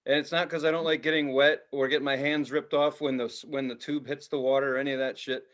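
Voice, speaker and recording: A man co-hosting a podcast, telling a profane, animated story in casual chat, now and then shouting loudly. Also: medium pitch, quick pace, highs cut off. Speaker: podcast co-host.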